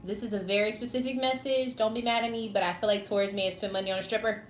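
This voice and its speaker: Woman, tarot reader, casual and teasing, mid-pitched voice, echoey room. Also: fairly even intonation, quick pace, soft background music. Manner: chatty, teasing, talks to the signs directly. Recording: echoey room with faint noise.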